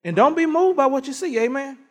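Animated preacher man, high voice. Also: fairly quick, big-room sound. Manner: animated, folksy storytelling with laughter. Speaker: pastor. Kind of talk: sermon.

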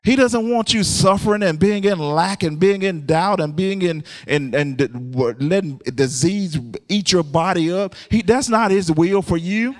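A man preaches with a measured pace and barely any pauses, using a call-and-response format. His voice keeps mounting in pitch and volume as he laughs often and calls out hallelujahs.

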